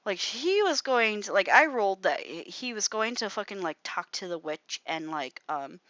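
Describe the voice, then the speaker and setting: A young woman rambling through a story while she draws on a livestream, full of fillers and swearing, sometimes muttering softly to herself. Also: medium pitch, very animated, moderate pace, dry recording. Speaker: artist livestreaming while drawing. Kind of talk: casual rambling livestream commentary. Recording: slightly dull lo-fi mic, dry.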